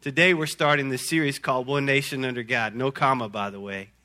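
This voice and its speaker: A man preaching a sermon to a congregation, folksy and energetic, often repeating words as he talks. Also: medium pitch, fairly quick. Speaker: pastor.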